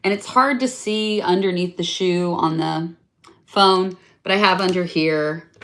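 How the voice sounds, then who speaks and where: A woman's voice: on the low side, unhurried, a bit bright. A young adult woman showing off a craft project in a casual vlog, chatty and rambling, often correcting herself mid-sentence, playfully self-mocking. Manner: enthusiastic and self-mocking about her detail. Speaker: craft vlogger. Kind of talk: casual show-and-tell.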